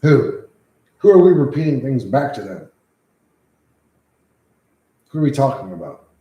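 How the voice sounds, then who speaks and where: A man's voice: medium pitch, sing-song, a little slow, lo-fi sound. A man chatting on a casual livestream, rambling and swearing freely as he reacts to chat. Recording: echoey room.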